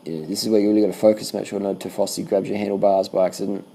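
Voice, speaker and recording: A man casually commenting on bike race footage as a vlogger, swearing freely and talking in loose animated bursts. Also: lowish voice, racing, vocal fry, a little hiss or hum, poor audio.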